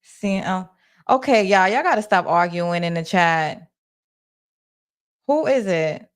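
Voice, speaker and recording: A woman's voice: lowish voice, animated, slow pace, clear, resonant tone. A woman hosting a livestream, retelling things in a casual, rambling way with lots of fillers. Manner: flustered while managing chat. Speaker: livestream host.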